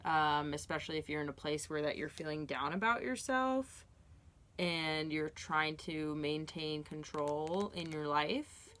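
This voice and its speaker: A woman's voice: low voice, unhurried, a bit bright. A woman giving a casual tarot reading, talking in an earnest, reassuring way with many fillers and restarts. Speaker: tarot reader.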